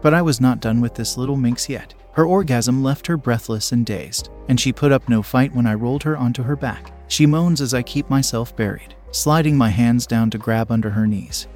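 A young man narrating an adult story in first person, reading in a low, steady, unhurried way. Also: faint music behind.

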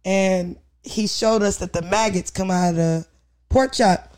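A woman co-hosting a casual chat, reacting with loud exclamations and recounting her childhood. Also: mid-range voice, unhurried. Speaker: co-host.

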